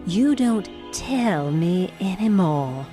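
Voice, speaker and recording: An actress playing a suspicious wife in an audio drama, speaking in an indignant, measured way. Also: female voice, on the low side, expressive, dark tone, soft background music. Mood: wary. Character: suspicious wife snooping on her husband.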